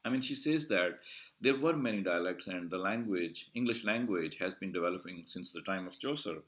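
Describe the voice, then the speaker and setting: Low-voiced man giving a measured lecture. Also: animated, fairly bright tone. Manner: deliberate, explanatory, repeats and rephrases points; frequent filler "uh" and restarts. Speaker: university lecturer. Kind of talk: recorded video lecture.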